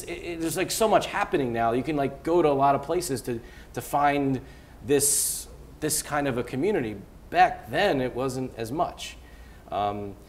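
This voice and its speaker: A man, a venture capitalist guest on stage, speaking in an animated, rambling way full of fillers and restarts. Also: mid-range voice, a little hiss or hum. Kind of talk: onstage interview. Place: event hall before a live audience.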